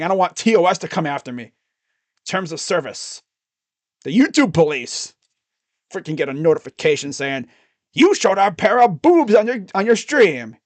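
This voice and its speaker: A man doing casual live play-by-play reaction to a basketball game, chatty and excitable, with slangy asides between the calls. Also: on the high side. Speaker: live stream play-by-play commentator.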